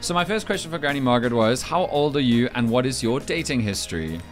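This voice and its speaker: Guy hosting radio, laughs a lot, very animated voice. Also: medium pitch, fast talker, faint music behind. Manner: playful, laughs often, lively. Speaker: radio host. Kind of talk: casual radio banter.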